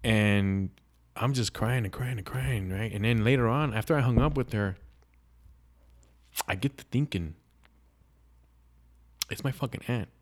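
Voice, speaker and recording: A man's voice: on the low side, unhurried, long pauses. A man telling a personal story as a podcast guest, casual and profane, with lots of restarts. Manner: profane, rambling, with frequent restarts.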